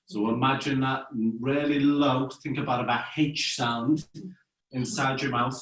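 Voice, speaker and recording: A man with an English accent, a children's theater performer guiding families through face and voice warm-ups in a playful, encouraging way on a video call. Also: mid-range voice, steady tone, unhurried, slight background noise. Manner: playful, encouraging, instructing step by step. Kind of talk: guiding an interactive family webinar. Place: home room on a video call. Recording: echoey room, distant from the mic.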